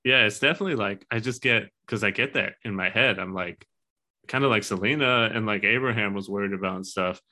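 A man in his thirties with a lowish, bright, forceful voice, chatting loosely on a podcast. He swears freely and keeps laughing through his stories. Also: fairly quick. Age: 30s. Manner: loose, profane, laughing storyteller. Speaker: podcast co-host. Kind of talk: casual chat.

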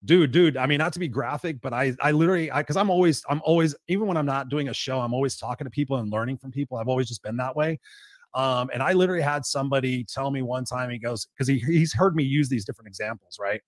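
A man's voice: mid-range voice, quick pace, no echo, clean studio sound. A man hosting a podcast, chatting casually and eagerly telling stories. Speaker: podcast host. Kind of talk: casual interview chat.

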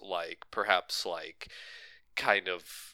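Bright, crisp-voiced sarcastic man. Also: low-pitched, fairly even intonation, extremely slow, dry recording. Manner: sarcastic, rambling, swears freely. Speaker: podcast co-host. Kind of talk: casual movie-riffing chat.

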